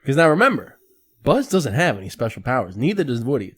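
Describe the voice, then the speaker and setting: Animated man in casual podcast chat. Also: mid-range voice, slightly rough. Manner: animated, swears freely, quick bursts. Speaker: podcast co-host.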